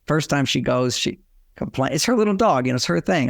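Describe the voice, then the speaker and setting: An older man, a relationship author, giving advice in an interview and telling lively anecdotes with both sides acted out. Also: mid-range voice, brisk, vocal fry, dry recording, clean studio sound. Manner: animated storyteller, acts out both sides of his anecdotes. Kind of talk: storytelling interview talk.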